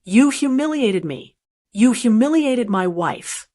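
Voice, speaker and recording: A woman's voice: on the high side, expressive, slow pace, warm tone. Woman reading furious grown son, sputtering, stammering, accusing, storybook narration. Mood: angry accusing. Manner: angry, stammering.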